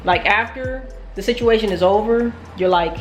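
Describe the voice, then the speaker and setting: A woman's voice: on the high side, moderate pace. Woman, casual vlog, profane, self-mocking, echoey room, faint music behind. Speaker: trading vlogger.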